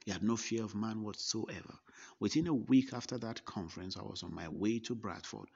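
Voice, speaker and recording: A man slowly recounting a personal story, first person. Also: fairly low pitch, gravelly, a little mellow, breathy edge. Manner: slow, deliberate recollection with quoted dialogue. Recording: dull lo-fi recording.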